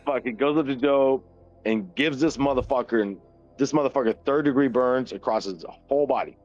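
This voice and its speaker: A man's voice: mid-range voice, brisk, a little mellow, soft background music. A man in his thirties co-hosting a casual podcast, retelling a story loosely, swearing constantly and laughing often. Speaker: podcast co-host. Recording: dull, dry, lo-fi sound.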